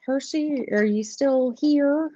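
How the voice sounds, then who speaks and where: Slow, giggly woman. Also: high voice, dark tone. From southeastern United States. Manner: chatty, giggly, rambling, greets viewers by name. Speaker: host of a live tarot stream. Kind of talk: casual live-stream chat. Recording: dull lo-fi stream audio, dry.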